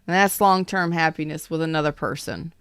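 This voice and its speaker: A woman giving a casual live tarot reading, keeping her voice low and soft while she recovers. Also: steady tone, fairly quick, smooth, no echo. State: recovering from an illness. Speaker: tarot reader.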